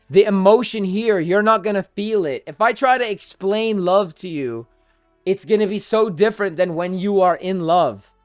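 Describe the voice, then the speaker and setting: A man's voice: sits high, no room sound, studio quality. A man hosting a trading livestream, talking casually, bluntly and with plenty of profanity straight to his viewers. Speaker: crypto trading livestream host.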